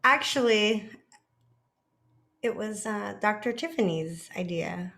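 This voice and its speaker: A woman in her thirties hosting a podcast in casual chat from an office, chatty and relaxed, laughing often. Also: mid-range voice, takes it slowly. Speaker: podcast host, dentist.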